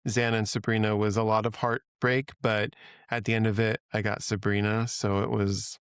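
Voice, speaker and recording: A man's voice: lowish voice, little pitch movement, moderate pace, smooth, no room sound, studio quality. A middle-aged man speaking as a guest in a casual podcast interview, earnest and chatty, laughing easily.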